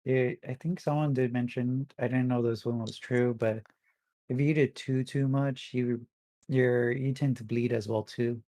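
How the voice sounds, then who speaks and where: A man co-hosting a gaming podcast, relaxed and agreeable, musing in casual chat. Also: medium pitch, moderate pace, dry recording. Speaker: podcast co-host.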